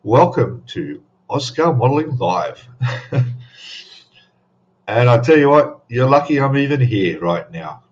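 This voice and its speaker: A man hosting a casual live stream, just woken up, rambling and laughing as he greets viewers, his voice still rough from sleep. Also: mid-range voice, sing-song, unhurried, pauses often, muffled recording. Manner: drowsy, rambling, laughs often.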